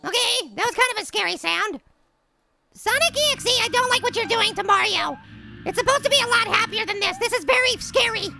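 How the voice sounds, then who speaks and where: A man voicing a tiny, cocky male cartoon apple with a sped-up, pitched-up voice, giving brash, giggly game commentary. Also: expressive, fairly quick, creaky, exaggerated voice. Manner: brash, giggly, trash-talking. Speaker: gameplay commentator. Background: game music.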